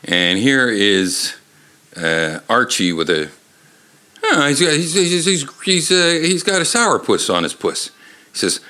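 A man's voice: medium pitch, big pitch swings, sharp tone. A man of fifty reading a picture book aloud, rambling and joking, with many fillers and restarts. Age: 50s. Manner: joking, halting, lots of fillers. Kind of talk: rambling read-aloud with commentary.

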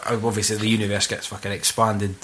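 A man's voice: fairly low pitch, flat delivery, fast, a bit bright, slight background noise. A young Scottish man in casual, sweary conversation about a film. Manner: sweary, laughing, slips into mock voices.

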